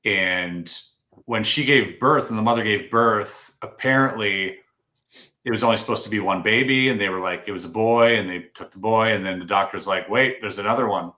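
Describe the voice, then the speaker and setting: A man co-hosting a podcast who tells a story with animated energy and acts out the quotes. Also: normal speed. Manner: excitable, acts out quotes with big swings in pitch. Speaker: podcast co-host. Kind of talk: casual chat, animated storytelling. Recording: roomy echo.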